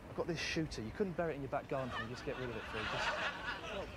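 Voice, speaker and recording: A man's voice: medium pitch, big pitch swings, fast talker, close to an everyday voice. A man playing a shifty street hustler who pesters strangers for favours, wheedling and chummy, recorded outdoors on a city street. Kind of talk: comic street prank sketch. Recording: loud street noise, traffic behind.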